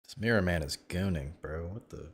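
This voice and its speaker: A man commenting on a video during a live stream, brash and profane, mocking the creator and breaking into sudden loud outbursts. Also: deep voice, brisk, slightly rough.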